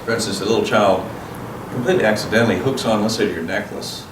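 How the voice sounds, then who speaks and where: In a noisy, echoey school event room, a man's distant voice comes through, lowish and steady in tone at a quick pace. He's the guest speaker at a parenting seminar, teaching in a plain-spoken way and frequently playing out little exchanges between parent and child.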